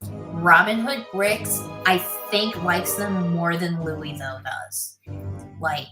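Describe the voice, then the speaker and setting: A woman's voice: fairly low pitch, fairly even intonation, slow pace. A woman casually chatting on a livestream, answering viewer comments and muttering to herself as she builds. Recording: music playing under the voice. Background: music.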